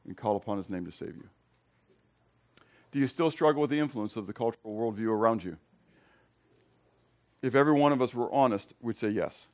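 A man preaching a sermon to his congregation, conversational, asking them direct questions and moving between loud emphasis and quiet, low remarks. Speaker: pastor. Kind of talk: expository sermon.

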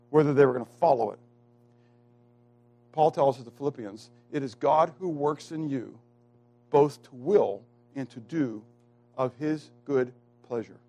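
A man preaching with a voice pitched a little above most men's. He draws the congregation in with questions, leans hard on key words with deliberate slowness, and drops from near-shouts to hushed, low asides. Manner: asks the congregation questions and waits for answers; swings from loud emphatic lines to hushed low asides. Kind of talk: sermon.

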